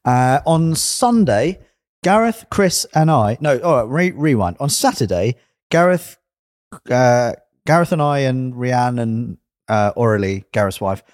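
A man's voice: medium pitch, expressive, a little slow, darkish tone, no room sound. Rambling English man, dry close sound. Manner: rambling, self-correcting storyteller. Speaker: podcast co-host. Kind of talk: casual chat.

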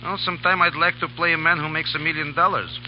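A man's voice: on the high side, fairly even intonation, quick pace, sharp tone, slight background noise, rough recording. A man joking and boasting in broken English during 1930s radio banter. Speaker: actor guest.

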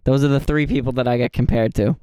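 A man with a smooth, clear voice trading quick teasing jokes as a podcast co-host. He sounds close to the mic in a dry space. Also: medium pitch, fairly even intonation, mellow, no echo. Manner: teasing, joking, quick banter. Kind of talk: casual chat.

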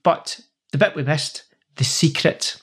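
A man's voice: fairly high pitch, unhurried, a bit bright, slightly rough. A man co-hosting a podcast in casual chat, explaining things with enthusiastic, slightly rambling energy. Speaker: podcast co-host.

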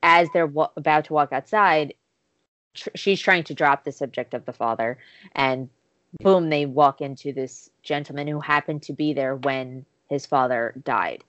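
Over a dry, muffled recording, a woman whose voice sits low recaps a show at a moderate pace. As a podcast co-host in casual chat, she tells the story animatedly and acts out the quoted lines.

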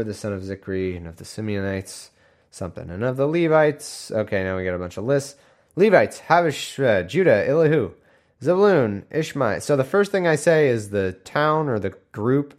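A man reading a scripture list aloud as a podcast host, yawning and breaking off into sarcastic, mock-helpful asides about how dull it is, with a scratchy throat. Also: medium pitch.

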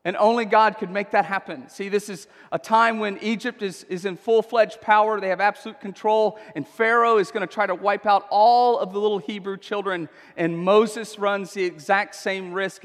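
Male pastor, high voice, conversational emphatic sermon, church, long hall reverb. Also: steady tone, normal speed, few pauses, a bit bright. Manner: conversational, emphatic, frequent tag questions.

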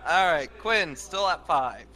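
A man keeping score on a casual gaming podcast, excitable and quick to swear. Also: on the high side. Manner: excitable, loud outbursts, swears.

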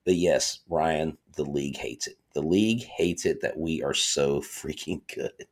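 A man hosting a live sports podcast, chatting casually and reading viewer comments aloud in excitable fan banter. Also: rumbling low, unhurried. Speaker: podcast host.

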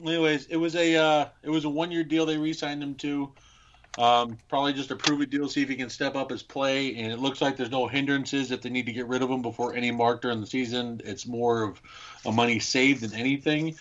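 A man's voice: mid-range voice, steady tone, fairly quick, fairly bright tone, a little hiss or hum. A man co-hosting a casual sports podcast, rambling through football news and analysis. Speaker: podcast co-host. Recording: muffled lo-fi mic.

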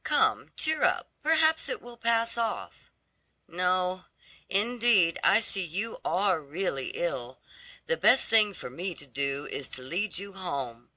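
A reader voicing a lame, gossipy old woman who chatters with pity and indignation in a storybook reading; the voice sits higher than the narration. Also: big pitch swings, takes it slowly, sharp tone, no echo, exaggerated voice. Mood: coaxing. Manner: sympathetic, scolding chatter.

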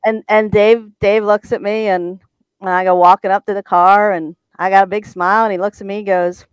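Clear-voiced woman telling a racing story. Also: mid-range voice, flat delivery, brisk, no echo. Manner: storytelling, stammers and repeats words, laughs easily. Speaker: guest, race team member. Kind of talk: telling a story on a talk show.

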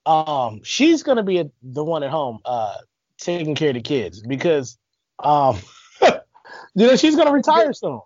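A man's voice: a little high, huge pitch swings, unhurried, a little mellow, no room sound, dull audio. A man hosting a casual sports podcast, brash and slangy, teasing his co-host and swearing freely.

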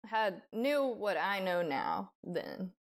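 A woman's voice: mid-range voice, very animated, slow. A woman guest on a podcast telling her own story casually, bluntly, with frequent swearing. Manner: blunt, swears often, rambling.

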